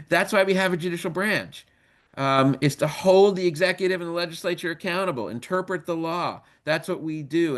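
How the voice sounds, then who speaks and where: A man in his fifties teaching a training webinar. His voice sits in a medium pitch, and he talks casually and jokes with the audience. His pace is steady, and he fills pauses with frequent ums. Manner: casual, joking, many ums. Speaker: legal trainer.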